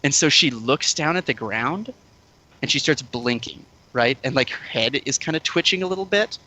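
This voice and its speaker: A man's voice: medium pitch, animated, moderate pace, pushed and bright, poor audio. A man on a casual podcast chat, telling a story in a rambling way full of "like" and fillers. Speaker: podcast regular.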